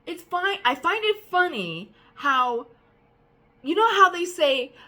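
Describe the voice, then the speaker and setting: A tired woman with a drawl vents in a casual rant, her voice high and bright. She rambles and trails off softly, then turns heated and swears freely. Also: big pitch swings, slow pace. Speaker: vlogger.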